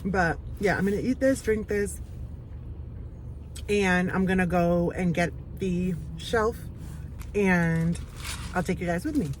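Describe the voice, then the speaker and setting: A woman's voice: fairly low pitch, slow, pauses often, background noise. A woman chatting casually to camera for her small business vlog, talking in an upbeat, rambling way with lots of fillers. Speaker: small business owner vlogging.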